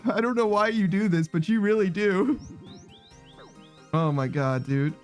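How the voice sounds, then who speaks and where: A man's voice: high voice, animated, takes it slowly, soft background music. A man streaming, chatting casually with his viewers, reading chat aloud and teasing them with slangy, swearing banter. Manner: laughs often, teasing, reads chat messages aloud.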